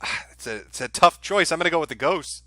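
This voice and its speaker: A man on a casual livestream reads out viewer donations and answers them with dry, sarcastic quips. His voice sits a little high and sounds bright and forward. The recording is dry and close, with no room sound. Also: lively intonation, quick pace, no echo. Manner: dry sarcastic asides between read-out messages. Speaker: streamer reading donation messages.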